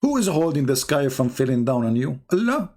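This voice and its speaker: A man's voice: medium pitch, animated, a little fast, warm tone. A man hosting a live-stream debate, talking in a mocking way and firing off rhetorical questions.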